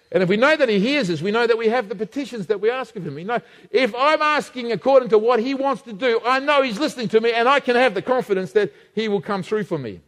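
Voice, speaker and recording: A man's voice: sits high, long reverb tail. A man preaching a sermon, emphatic and fond of repeating phrases for effect.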